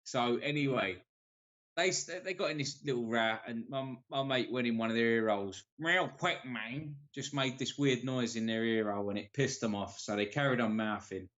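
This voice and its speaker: A man from tells a pub-style fight story on a live stream, cursing freely and acting out each quoted line. His pitch sits at an ordinary middle level. The audio is dull and lo-fi. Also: moderate pace, fairly bright tone. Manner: swears freely, acts out quoted lines. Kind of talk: casual storytelling chat.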